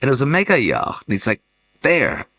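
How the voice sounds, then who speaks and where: A man's voice: mid-range voice, wildly swooping pitch, racing, a bit bright, rough recording. A middle-aged man, a gallerist and fair director, telling rambling stories in a casual panel talk and restarting his sentences often. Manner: rambling anecdotal storyteller with many restarts.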